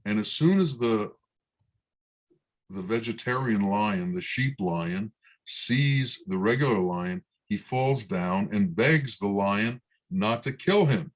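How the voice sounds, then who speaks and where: A man gives a spiritual talk as a Sufi teacher, unfolding a parable in a measured way. His voice sits low, and he takes his time, leaving long pauses between phrases. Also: lively intonation. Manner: slow, measured storytelling.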